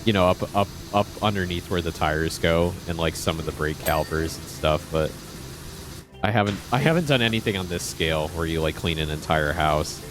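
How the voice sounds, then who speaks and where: A man's voice: deep voice, fairly quick, over music. A man streaming a game, chatting casually, easily flustered and laughing often. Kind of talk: casual live-stream chat.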